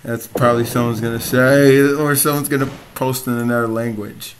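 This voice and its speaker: A man's voice: mid-range voice, fairly even intonation, moderate pace. A young man commenting on his own gameplay, frustrated and self-mocking. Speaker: gamer. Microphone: desk mic. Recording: noisy home mic with clicks.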